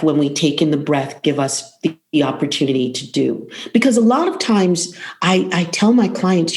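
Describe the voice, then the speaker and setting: A middle-aged woman, a vocal coach, talking as a podcast guest in an expressive, rhythmic way, repeating phrases for emphasis. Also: deep voice. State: emotional, close to tears.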